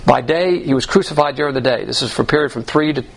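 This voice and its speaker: A man preaching an expository Bible lesson, spelling out Greek words letter by letter in a measured teaching delivery. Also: medium pitch, creaky, rough recording. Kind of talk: expository sermon.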